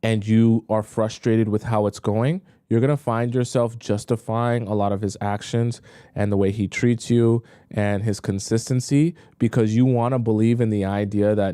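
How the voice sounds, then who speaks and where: Blunt low-voiced male dating coach. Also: fairly even intonation, moderate pace, dark tone, smooth, no room sound, clean studio sound. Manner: blunt, talks straight to women viewers. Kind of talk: livestream commentary.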